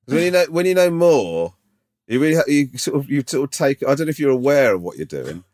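A man's voice: mid-range voice, very animated, fast talker, darkish tone, dry recording. A man co-hosting a podcast, teasing his friend in casual, dry banter. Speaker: podcast co-host. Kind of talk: casual chat.

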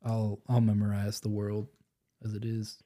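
A man's voice: fairly low pitch, monotone, moderate pace, dark tone. Young man telling stories through laughs. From Georgia, USA. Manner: laughs often, tells stories with quoted voices. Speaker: podcast co-host. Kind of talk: casual comedic chat.

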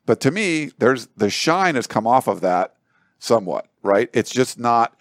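A man's voice: medium pitch, very animated, unhurried, dry recording. A man giving casual sports commentary on a studio talk show, rambling and thinking aloud with lots of filler words and food analogies.

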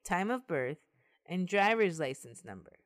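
A woman's voice: fairly low pitch, very animated, unhurried. A woman hosting a podcast, casually retelling a true-crime case, laughing often and swearing. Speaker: podcast host telling the case.

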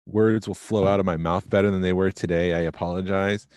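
A man with a very low, deep voice co-hosts a casual podcast, sounding tired and a little slow to find his words. He rambles easily through plans and news with lots of ums. The recording is dry and close, with no room sound. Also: dry recording. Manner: relaxed, rambling, with fillers. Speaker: podcast co-host.

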